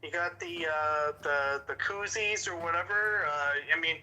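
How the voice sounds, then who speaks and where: A laid-back American man calls in to chat. His voice is very bright and pressed, and he laughs and swears easily. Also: fairly high pitch, measured pace, rough recording. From United States. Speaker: caller. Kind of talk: casual chat.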